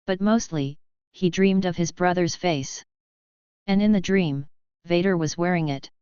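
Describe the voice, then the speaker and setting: A woman reading a fan story as narrator in a measured, even way. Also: lowish voice, clean tone, no echo. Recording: dull lo-fi dry.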